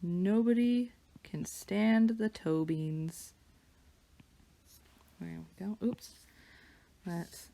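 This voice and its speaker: A woman artist chatting casually while she draws, wandering between stories and soft murmured asides about her work. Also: mid-range voice, drawn-out words, gravelly, pauses often. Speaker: digital artist and vlogger. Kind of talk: casual chat while drawing. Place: home studio with her dog nearby.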